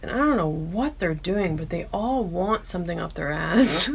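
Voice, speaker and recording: A woman hosting her own podcast in casual chat, loud and profane, often bursting into yelling. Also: lowish voice, lively intonation, moderate pace, vocal fry, a little hiss or hum. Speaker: podcast host.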